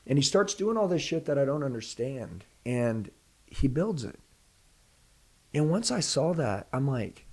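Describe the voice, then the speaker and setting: A man giving an intense motivational pitch as a podcast guest, direct and preachy, firing off rhetorical questions. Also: sing-song, measured pace, darkish tone. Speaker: sales trainer, podcast guest.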